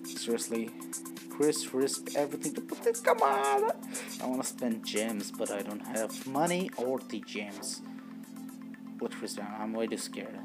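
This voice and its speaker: A man's voice: on the low side, measured pace, over music. A man casually commentating as he reads a story game aloud, informal and playful, with casual swearing. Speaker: gaming channel host.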